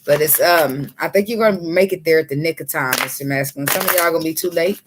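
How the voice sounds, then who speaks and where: A woman's voice: deep voice, fast talker. Blunt, profane woman giving a tarot reading. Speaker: tarot reader. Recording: faint background noise.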